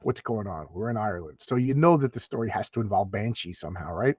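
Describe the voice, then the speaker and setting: A man's voice: lowish voice, lively intonation, fast talker, breathy edge, no echo, muffled recording. A man casually reading through an old comic and commenting on it, rambling with restarts and asides. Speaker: comic book reviewer.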